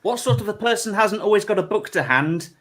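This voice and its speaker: A man hosts a casual online panel show in a bright, forceful voice. His pitch sits a bit high and swings about a lot. He teases his guests and mocks himself, and he often says the same thing twice. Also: lively intonation, fairly quick. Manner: teasing, self-mocking, repeats himself.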